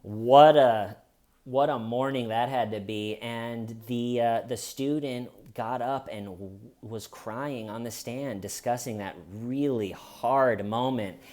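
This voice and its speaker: Slow-talking man mocking a trial. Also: mid-range voice, a little mellow. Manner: rambling, mocking. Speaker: true crime commentator. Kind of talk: casual comedic commentary.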